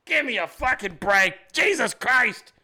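A man's voice: very high voice, very animated, unhurried, pitched above the performer's own voice, heavily acted. A man putting on a raging old crank. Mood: scornful. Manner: shouting, profane, exasperated. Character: irate older man ranting at Congress.

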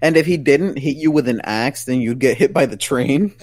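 A man's voice: medium pitch, a little slow, dry recording. A young man co-hosting a casual podcast chat, swearing freely and laughing often. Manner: swearing, laughing a lot, animated. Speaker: podcast co-host.

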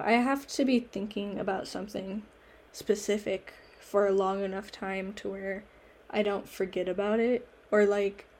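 A young woman chatting casually, telling a story in an animated way and laughing often. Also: medium pitch. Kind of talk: casual chat.

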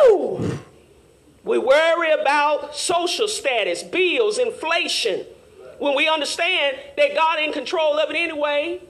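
High-voiced woman preaching with fervor. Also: unhurried, slight background noise. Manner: call-and-response preaching, rising to shouts. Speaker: Sunday school teacher. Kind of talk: preaching Sunday school lesson.

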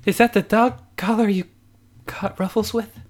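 A man's voice: high voice, fairly even intonation, normal speed, voice pushed up, natural voice. A man voicing an exasperated young girlfriend who stammers when flustered. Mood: incredulous.

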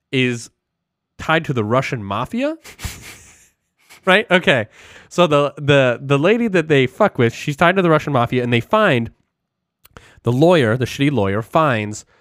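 A man rambles through a film plot in casual chat, animated and loud with profanity. His voice sits at an ordinary middle pitch, and the recording is dry and close, with little room sound. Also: measured pace, pauses often, no echo. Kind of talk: casual movie recap chat.

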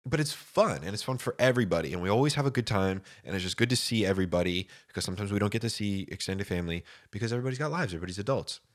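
A man with a cold rambles casually to camera, his voice very low and thickened. He strings thoughts together loosely, dropping "dude" and "bro" constantly. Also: expressive, rapid-fire, few pauses. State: has a cold, voice deeper than usual.

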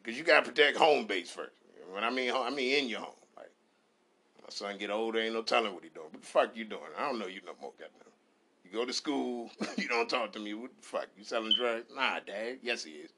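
Man, middle-aged, rambling foul-mouthed podcast host, bright forward voice. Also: mid-range voice, a little fast, a little hiss or hum. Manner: profane, rambling, animated. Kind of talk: comedic storytelling on a podcast.

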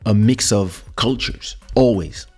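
Speaking slowly in a lowish, darkish, slightly rough voice, a man from France hosts a podcast and tells a casual tale from his music days. His reminiscing is marked by frequent word repeats and restarts as he remembers.

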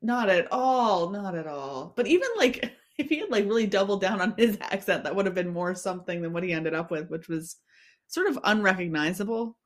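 A woman co-hosting a podcast, chatting casually about a TV episode, relaxed and often laughing. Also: mid-range voice, a little fast. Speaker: podcast co-host. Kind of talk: casual TV recap chat.

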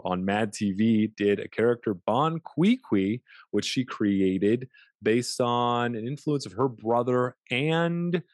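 Male podcast host, low-ish voice, playful and teasing; dry close mic. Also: a little mellow, dry recording. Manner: goofy, teasing, playful asides. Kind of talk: podcast intro and interview. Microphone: studio mic, video call.

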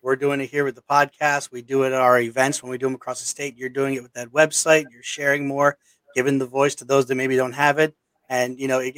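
A man hosts a podcast, enthusiastic and grateful toward his guests. His pitch stays fairly flat, and the sound is dry and close. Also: dry recording. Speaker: podcast host. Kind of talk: casual podcast hosting.

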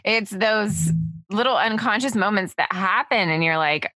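A woman's voice: medium pitch, unhurried, sharp tone, no echo. A woman co-hosting a podcast, casually chatting as a supportive and reflective listener. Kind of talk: casual chat.

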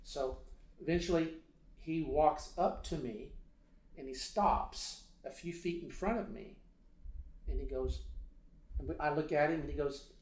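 A man's voice: on the high side, measured pace, long pauses, darkish tone. Hesitant storytelling man, roomy sound. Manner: hesitant, many fillers, acts out dialogue. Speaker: interviewee. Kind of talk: casual storytelling. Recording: roomy echo.

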